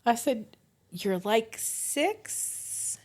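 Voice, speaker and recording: A woman co-hosting a relaxed podcast, spinning animated family stories and breaking into laughter as she goes. She swears freely and talks at an ordinary, mid-pitched level. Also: unhurried. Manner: swears casually. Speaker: podcast co-host. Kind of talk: casual storytelling chat.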